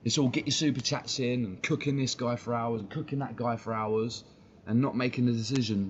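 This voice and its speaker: A man's voice: medium pitch, fairly even intonation, brisk, dull audio, noisy background. A man, talking on a live stream in a blunt, slangy way and swearing freely. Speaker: football fan streamer.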